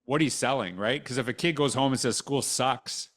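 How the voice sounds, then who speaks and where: A man's voice: mid-range voice, fast, a bit bright. A man hosting a podcast interview in a casual, conversational way, rambling through restarts and dropping dry sarcastic asides. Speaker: podcast host.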